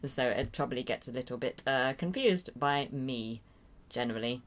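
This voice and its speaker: A woman's voice: very deep voice, animated, normal speed. An English woman hosting a casual livestream, reading viewer comments and answering in a rambling, hesitant, self-deprecating way, full of fillers and small chuckles, at her computer at home. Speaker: livestream host. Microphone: desk mic near a loud keyboard.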